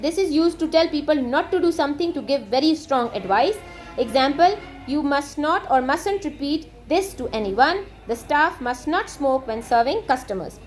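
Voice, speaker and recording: A woman teaching an English textbook lesson, reading items aloud and explaining them in a steady, methodical way. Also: sits high.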